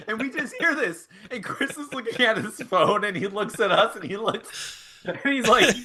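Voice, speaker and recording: A man hosting a podcast, telling a casual story in an animated way with frequent chuckles and restarts. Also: high-pitched, normal speed. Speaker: podcast host.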